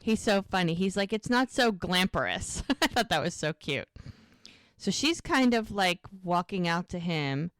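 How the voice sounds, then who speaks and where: A woman co-hosting a podcast, telling an episode's story in a casual, animated way and quoting the characters. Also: lowish voice, a little slow, dry recording, clean studio sound. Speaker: podcast co-host.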